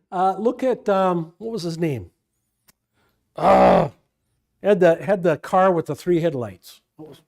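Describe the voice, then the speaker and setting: A man's voice: high voice, a little mellow. An older man, a pastor leading an informal Bible study, talking in a rambling, digressive way full of restarts.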